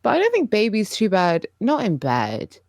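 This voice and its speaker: Blunt, deadpan woman on a dry mic. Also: medium pitch, moderate pace, creaky, no echo. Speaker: podcast guest. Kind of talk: casual chat.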